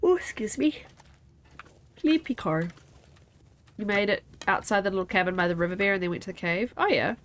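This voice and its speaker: Animated and fast, with a medium-pitched, slightly bright voice, a young woman streams a game while sleepy and yawning. She rambles chattily, addressing her chat in casual gameplay talk.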